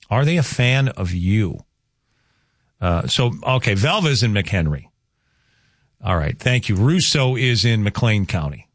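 A man hosting a morning radio talk show in a folksy, animated way. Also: on the low side, no room sound, studio quality. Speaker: radio host.

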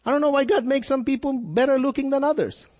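A male pastor preaching a sermon, with animated delivery, sudden rises in pitch and frequent repeated words. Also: fast talker, long reverb tail.

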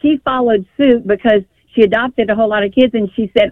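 Brisk and slightly high-pitched, an older woman phones in to a radio show, her voice carrying no room sound over a tinny line. She rambles through a long, emotional story, repeatedly restarting as she goes.

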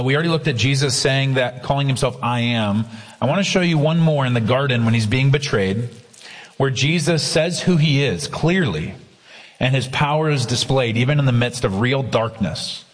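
A man preaching a sermon, earnest, slowing down hard to stress key lines. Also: mid-range voice, long reverb tail. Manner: earnest preaching with slow emphatic quotes. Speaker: pastor.

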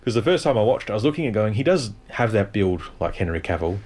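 A man's voice: lowish voice, sing-song, quick pace, a little mellow. A man chatting casually about films, trailing off and restarting his sentences.

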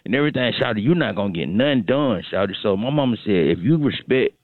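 A man's voice: fairly low pitch, lively intonation, fast, no echo. A man calling into a radio show, rambling and repeating himself as he talks his way out of coming to work. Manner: rambling, repetitive, coaxing. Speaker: regular caller on a radio show. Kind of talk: comedic excuse phone call. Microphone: phone. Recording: tinny phone line.

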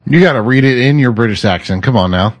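A man's voice: mid-range voice, animated, fast talker. A man co-hosting, cutting in with short teasing remarks. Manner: brief teasing interjections.

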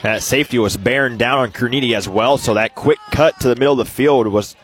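A man giving color commentary on a live high school football game, calm and analytical. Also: fast talker. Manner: relaxed, analytical, agreeable.

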